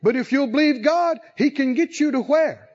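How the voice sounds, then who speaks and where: A man preaching a sermon as pastor, shifting from soft talk to loud, shouted exhortation with laughs. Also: very high voice, moderate pace, muffled recording.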